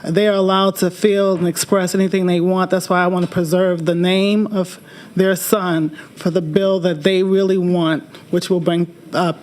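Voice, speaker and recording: A woman's voice: fairly low pitch, a little mellow. A woman state representative giving earnest, impassioned closing remarks on her bill at a committee hearing.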